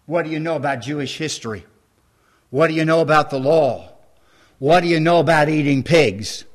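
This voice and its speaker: A man preaching a sermon, retelling scripture in a folksy, emphatic way and asking the congregation rhetorical questions. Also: fairly high pitch.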